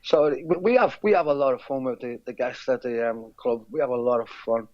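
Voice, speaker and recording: A man rambles on, stumbling over repeated words and restarting his sentences. The sound is dull and lo-fi. His pitch sits in an ordinary middle range. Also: fairly quick. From England. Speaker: guest, character lookalike. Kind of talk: casual interview chat.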